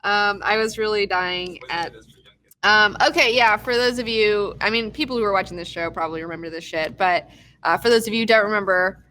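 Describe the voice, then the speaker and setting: Bright-voiced woman ranting through a recap. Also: mid-range voice, a little fast. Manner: rambling, swears freely, excitable. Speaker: TV recap host. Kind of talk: casual TV episode recap.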